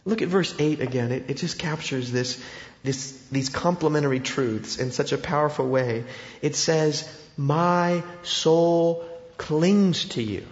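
A man preaching a sermon, impassioned, swinging between loud emphasis and hushed stretches. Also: medium pitch, moderate pace, big-room sound, dull audio. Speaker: pastor.

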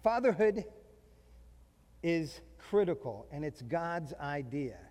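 Emphatic high-voiced preacher in a hall. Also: male voice, sing-song, a little mellow. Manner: emphatic, slows down to stress key phrases, mixes in humorous family stories. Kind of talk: sermon to fathers. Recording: long reverb of a large hall.

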